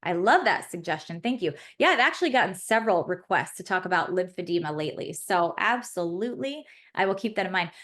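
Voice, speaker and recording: A woman's voice: on the low side, lively intonation, brisk, few pauses, a bit bright. A woman pharmacist hosting a live webinar class, chatty and effusive as she reads the chat and answers questions aloud.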